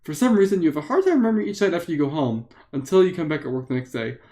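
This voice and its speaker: A man's voice: fairly high pitch, big pitch swings, very fast, dark tone. A man reading an interactive book aloud live for friends, playful with joking asides.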